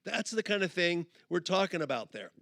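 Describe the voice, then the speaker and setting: A middle-aged man giving a humorous sermon at a conference, telling stories and acting out both sides of a couple in quick put-on voices. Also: sits high, big pitch swings, vocal fry, a bit bright, no echo, clean studio sound. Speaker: conference speaker. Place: conference auditorium.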